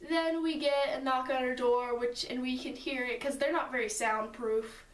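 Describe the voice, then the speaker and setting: A woman's voice: sits high, fairly even intonation, moderate pace, distant mic. A woman telling a friend a story in a casual, rambling way, full of "like" and "and so" asides. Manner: chatty, rambling with many "like" and "and so" asides. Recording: roomy sound from away from the mic.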